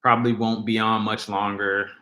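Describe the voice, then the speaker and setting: A man's voice: on the low side, flat delivery, normal speed, pushed and bright, echoey room. A man hosting a casual livestream, rambling and reading viewers' comments aloud as he talks. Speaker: livestream host.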